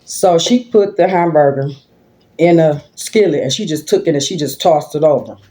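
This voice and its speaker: An older woman, a grandmother, rambles through a story while eating lunch at home for her vlog, recorded on a phone. Her voice is deep and mellow, and she talks at a moderate pace in a casual mukbang storytelling style.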